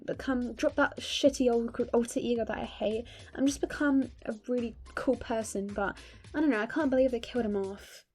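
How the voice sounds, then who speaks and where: A woman's voice: high-pitched, darkish tone. A young woman giving casual fan commentary, gushing and emphatic, swearing freely. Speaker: video creator.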